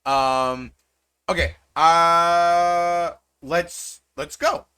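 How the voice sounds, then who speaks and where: A man narrating a tabletop game as game master. His voice is a bit high and bright, and he rambles with many fillers and restarts. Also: steady tone, extremely slow, smooth.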